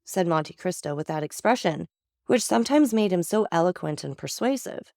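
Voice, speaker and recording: A woman narrating a classic novel as a storybook reading, measured and even. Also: lowish voice, vocal fry, no room sound, studio quality. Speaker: audiobook narrator.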